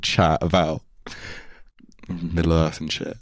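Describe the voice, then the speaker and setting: A young male host with a deep, low voice keeps the chat loose, laughing often and dropping casual swears. His voice sits close and dry, with no room around it. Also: level tone, slow pace, no echo. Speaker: podcast host, touring musician. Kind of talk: casual podcast conversation.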